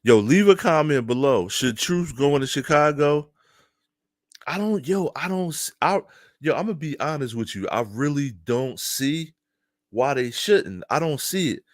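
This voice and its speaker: A man from Philadelphia giving casual, animated opinion commentary to his viewers, laughing often and talking straight to them. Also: a little high, a little slow, no echo, studio quality. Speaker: news commentary streamer.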